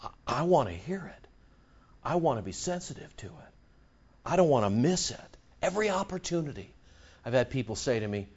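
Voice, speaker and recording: A man's voice: medium pitch, big pitch swings, a little fast, a little mellow, husky, lo-fi sound. A man preaching a sermon to his congregation. He asks rhetorical questions and repeats phrases for emphasis. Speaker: pastor.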